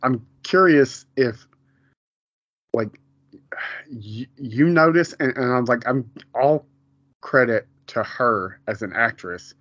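A man co-hosts a casual podcast and talks in loose, rambling bursts full of fillers and quick laughs. His voice sits at a middle pitch. The recording is dry and a little dull and lo-fi. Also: a bit bright, dry recording. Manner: rambling, many fillers and restarts, laughs often. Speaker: podcast co-host. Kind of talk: casual chat about a TV episode. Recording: dull, lo-fi home podcast audio.

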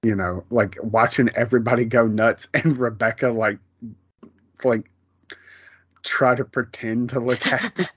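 A man co-hosting a podcast in casual chat, loose and a bit profane, quoting scenes in quick bursts. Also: medium pitch, fairly even intonation, fairly bright tone, breathy edge, no echo, highs cut off. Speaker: podcast co-host.

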